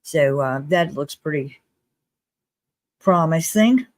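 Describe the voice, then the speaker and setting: A live-stream host giving casual commentary in a chatty, earnest way, with restarts and quick laughs. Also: mid-range voice, expressive, dry recording. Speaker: livestream host.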